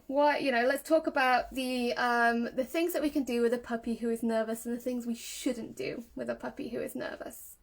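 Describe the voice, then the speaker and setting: High-voiced woman explaining earnestly. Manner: earnest, explains with examples, acts out a puppy's thoughts. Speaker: dog trainer. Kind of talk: casual educational talk.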